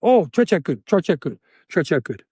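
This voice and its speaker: A man's voice: on the high side, big pitch swings, dark tone, breathy edge, dry recording, voice pushed up. A man putting on the voice of a big Russian soldier interrogating him in clipped, broken English. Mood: gruff. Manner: clipped, halting English, blunt.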